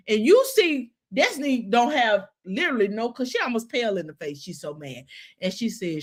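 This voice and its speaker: A woman with a Southern American accent hosting a casual review chat, animated and laughing often, full of slang. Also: fairly high pitch, moderate pace. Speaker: reality show review host.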